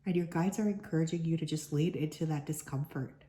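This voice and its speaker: Low, mellow woman with a sick voice. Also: brisk. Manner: chatty, lots of "like" fillers. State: sick, hoarse voice. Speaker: tarot reader. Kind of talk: casual collective card reading to viewers. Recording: echoey room.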